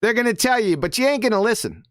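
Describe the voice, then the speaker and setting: Fast and a bit bright, this medium-pitched voice swings widely in pitch as a live-show host mocks the quotes being read on stream. The delivery is emphatic and combative, with "right?" thrown in again and again. The studio audio is clean, with no echo.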